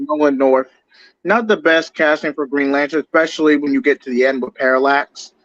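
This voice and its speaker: This man co-hosts a casual podcast and argues the finer points of story canon in an analytical way. His voice sits slightly high. It reaches the listener dry and dull, like low-grade call audio. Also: normal speed, a bit bright, no room sound. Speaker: podcast co-host. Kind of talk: casual discussion of a comic-book film.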